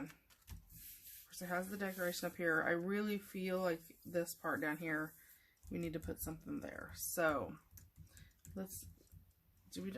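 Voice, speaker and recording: A slightly drowsy, yawning woman runs a craft tutorial, chatting in a meandering, casual way to viewers while she works. Her voice is lowish with a fairly bright tone, and slight background noise is present.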